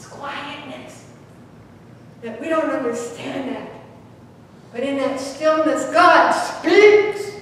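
Woman, pastor, sermon, loud-to-hushed delivery, long church reverb, faint rumble. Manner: swings between loud preaching and hushed quiet. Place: church sanctuary. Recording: echoey church hall from far off, faint rumble.

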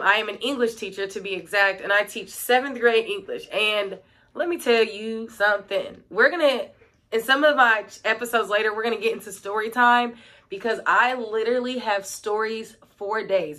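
A middle-school teacher and vlogger, this young woman tells stories chattily, her speech filled with "like" and "um." Her voice is medium in pitch, bright and forceful.

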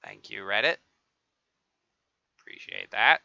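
Streamer, male, gravelly and sharply bright, excitable and swearing, dull lo-fi stream audio. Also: lowish voice, slow, no echo. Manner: excitable, swears, taunts other players. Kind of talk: live gameplay commentary.

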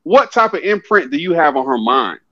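A man's voice: fairly high pitch, sing-song, fairly quick, fairly bright tone, dry recording, lo-fi sound. A man who is a guest on a podcast, talking in a blunt, preachy, profane, casual way. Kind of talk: casual chat.

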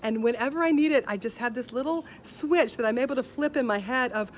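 A woman with a somewhat high voice delivers a heartfelt talk over a video call. Her speech turns rhythmic and rhyming like spoken-word poetry, often sinking softer and quieter. A faint hiss of noise sits behind her. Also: fairly quick, hardly any pauses. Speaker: speaker at an online festival.

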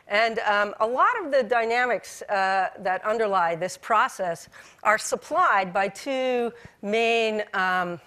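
A woman giving a scientific conference lecture, her voice scratchy from a cold, relaxed and self-deprecating with frequent fillers and restarts. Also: medium pitch. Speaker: cell biology researcher giving a talk.

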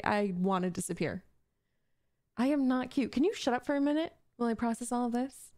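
A possessive young gamer girl, as a woman acts her out in an audio role-play, bossy and easily flustered. Her voice sits a little high with a gravelly fry and comes slowly. The recording is close and dry. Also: a little mellow, no room sound. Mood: embarrassed. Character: possessive, jealous young woman gamer, the listener's duo partner. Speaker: voice actress.

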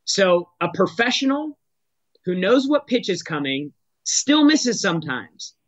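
A man's voice: high-pitched, very animated, measured pace, dry recording, lo-fi sound. Man coaching in a direct, dry tone. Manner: direct, coaching tone with frequent restarts. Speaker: sales executive guest. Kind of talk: podcast interview answers.

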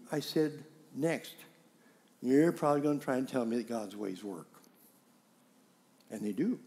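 A man's voice: fairly high pitch, warm tone. A man preaching in a conversational way, teaching with rhetorical questions and acting out everyday dialogue to make his point. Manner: acts out quoted dialogue in scenes. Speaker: pastor. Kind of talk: sermon.

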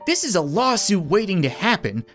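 A man's voice: sits high, big pitch swings, moderate pace, a bit bright, faint music behind. A man giving sarcastic, jokey commentary while playing a video game. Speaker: gaming YouTuber. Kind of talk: let's play commentary.

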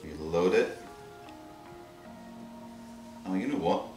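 Here the screen-printing vlogger speaks slowly in a low voice with lively intonation. He muses aloud casually and drops in playful sound effects, recorded from a distance in a roomy space with background music.

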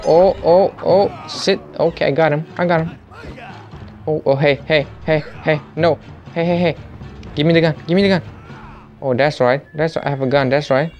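A man with a fairly high voice gives jokey, excitable let's play commentary and keeps breaking into panicky outbursts. The mic sounds dull and lo-fi, with faint game music underneath. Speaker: gamer.

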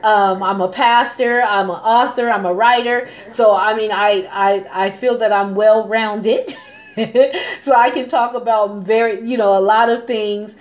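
A woman's voice: medium pitch, steady tone, a little slow. A woman hosting a live stream as a coach and pastor, talking earnestly and repeating phrases for emphasis. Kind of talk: casual live-stream talk.

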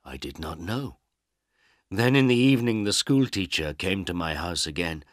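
A man reads a simple first-person story for English learners in a deep, low voice. He keeps his delivery plain and measured. The sound is close and dry. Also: fairly bright tone, no room sound.

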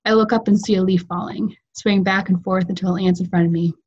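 A woman fiction writer reading her own story aloud in a calm, measured way over a video call. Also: medium pitch, dull audio, slight background noise. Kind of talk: literary reading.

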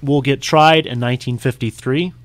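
A man's voice: mid-range voice, fairly even intonation, normal speed. A man co-hosting a casual history podcast, explaining points and adding short remarks. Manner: explanatory, with brief backchannel remarks. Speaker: podcast co-host.

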